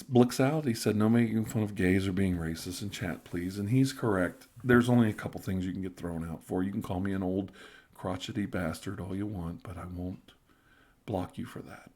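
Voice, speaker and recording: A middle-aged man hosting a casual live stream, tipsy and rambling, stammering through restarts and sometimes dropping into soft whispers as he reads viewer comments. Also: on the low side, slightly rough. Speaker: ASMR live stream host.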